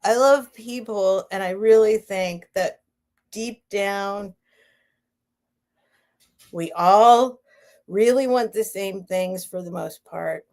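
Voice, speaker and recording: A woman's voice: medium pitch, slow pace, pauses often, darkish tone. A woman casually chatting on a live stream as she hosts a vintage sale, rambling and laughing as she interrupts herself. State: near tears.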